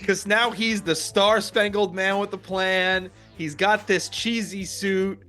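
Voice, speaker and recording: A man's voice: high-pitched, steady tone, takes it slowly, sharp tone, faint music behind. A man co-hosting a podcast, chatting about movies in a blunt, opinionated way. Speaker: podcast co-host. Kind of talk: casual movie chat.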